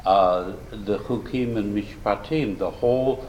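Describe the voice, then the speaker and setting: A man's voice: lowish voice, measured pace, a little mellow, a little hiss or hum, rough recording. A man taking part in a class, adding a point in a thoughtful way with small hesitations. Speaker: class participant. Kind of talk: question in a class.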